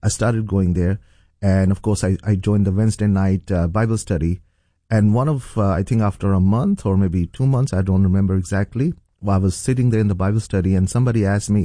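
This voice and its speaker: A man's voice: lowish voice, normal speed, dark tone, no room sound, clean studio sound. A middle-aged man from Pakistan, a pastor, earnestly telling his testimony in an interview, with many fillers and restarts. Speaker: pastor, guest.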